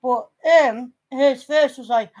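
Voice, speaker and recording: A woman chatting, blunt and fairly high-pitched. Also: fairly even intonation, takes it slowly, darkish tone. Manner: blunt, swears freely, teasing. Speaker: vlogger. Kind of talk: casual chat.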